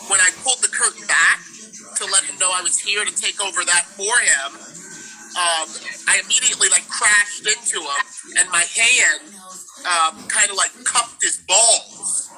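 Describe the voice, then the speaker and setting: A ring announcer from New York telling stories in a casual interview, in a rambling, laid-back way. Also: male voice, sits high, normal speed, bright, forceful tone, faint music behind, low-quality recording.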